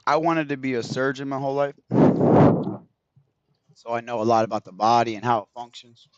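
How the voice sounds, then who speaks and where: A man's voice: medium pitch, steady tone, a little fast, highs cut off, slight background noise. A man streaming a video game, chatting casually with his viewers in a rambling, profane way. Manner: rambling, profane, talks straight to chat. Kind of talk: casual livestream chat with viewers.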